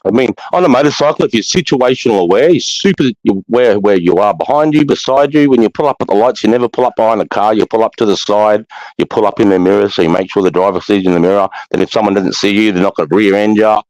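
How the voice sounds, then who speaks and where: A man's voice: on the low side, fast talker, no room sound, muffled recording. Aussie bloke in his 40s, swears a lot, dry close sound, just telling crash stories. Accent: Australian. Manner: blunt, swears heavily, animated storyteller. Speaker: podcast host. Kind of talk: casual storytelling chat.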